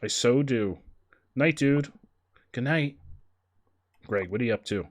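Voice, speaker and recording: A man streaming a video game with a stuffy nose, chatting casually, reading the game's dialogue aloud, and greeting his chat in a loud, high, animated voice. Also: unhurried, pauses often.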